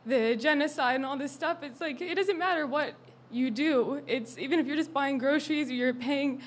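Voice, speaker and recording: A young woman speaking her mind at an open mic, rambling and frustrated, swearing and at times flaring up loudly. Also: sits high, normal speed, slight background noise. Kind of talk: spoken monologue at an open mic.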